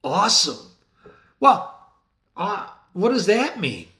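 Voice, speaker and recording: A middle-aged man teaches classic literature to the camera in a theatrical, enthusiastic way. He often calls his viewers ladies and gentlemen. His voice sits high, swings up and down, and has a bright, forceful edge. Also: huge pitch swings, slow pace. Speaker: literature teacher and website host.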